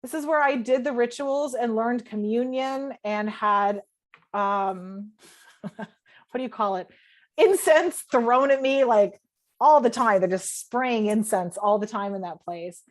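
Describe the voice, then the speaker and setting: A woman's voice: a little high, unhurried. A woman, a podcast guest on a video call, telling a personal story with strong emotion and free swearing, often quoting her own thoughts. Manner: emotional, swears freely, quotes herself in her head.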